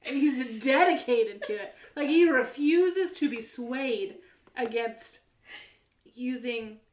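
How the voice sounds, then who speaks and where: A woman co-hosting a podcast in casual chat, giving her opinion in emphatic, drawn-out rants. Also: fairly high pitch, lively intonation, reverberant. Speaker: podcast co-host.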